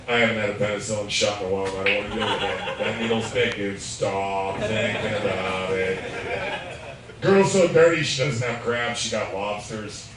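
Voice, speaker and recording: A man's voice: fairly low pitch, normal speed. A man, doing a crude, profane live stand-up set while a little drunk, laughing at his own jokes. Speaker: stand-up comedian. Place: bar stage, live. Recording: echoey room, distant mic, crowd noise.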